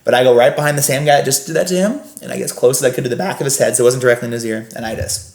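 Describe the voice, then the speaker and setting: A man's voice: mid-range voice, racing, darkish tone, echoey room. A man guest on a podcast, telling stories casually in a rambling way with frequent restarts. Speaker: guest, scare actor.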